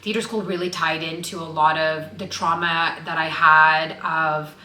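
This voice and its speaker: A woman's voice: low voice, little pitch movement, measured pace, pushed and bright, slight background noise. A young woman vlogging to camera in casual chat. She sounds nervous and open and says "like" a lot. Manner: nervous, open, heavy use of "like". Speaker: vlogger and actress. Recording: roomy echo.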